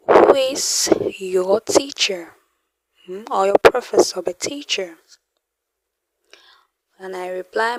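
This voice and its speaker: A woman teaching a French lesson in English, repeating each phrase slowly and translating it, often checking in with "okay?". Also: mid-range voice, no echo. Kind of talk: slow spoken language lesson.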